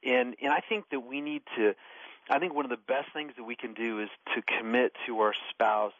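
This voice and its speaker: A man in his forties speaks as a guest on a talk radio show, telling stories with lively energy and easy laughter. His voice sits at a middle pitch. The recording is dull and dry, with a muffled studio sound. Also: fairly quick, dry recording. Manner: storytelling, animated and laughing while recounting. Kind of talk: radio talk about marriage.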